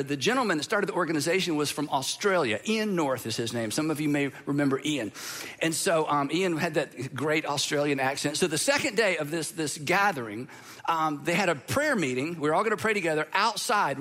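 A middle-aged pastor from Georgia, preaching in a conversational, storytelling way. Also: male voice, on the high side, fairly bright tone. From Georgia, USA. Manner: conversational storytelling, with repeats and restarts. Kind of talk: sermon.

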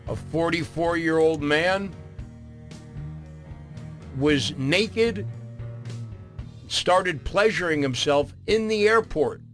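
A man hosting a morning radio show, telling a story in a relaxed way and often repeating words. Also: a little high, slow, pauses often, music in the background. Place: radio studio. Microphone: studio microphone.

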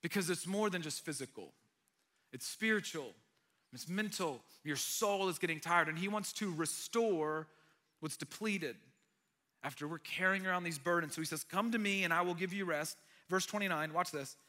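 A male pastor preaching a sermon in an earnest way, swinging between loud emphatic lines and hushed, nearly whispered ones. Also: high-pitched, moderate pace.

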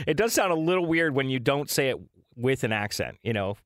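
A man's voice: mid-range voice, lively intonation, moderate pace, a bit bright, dry recording, clean studio sound. A man co-hosting a morning radio show, chatting casually, laughing often and reading out listener texts.

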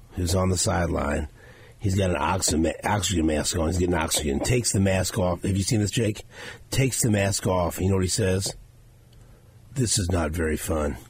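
A man with a very low voice hosts a sports talk show from a radio studio. He tells stories in a casual, animated way and jumps into the voices of the people he quotes. A faint hiss sits under the recording. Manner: animated storytelling, acts out quotes.

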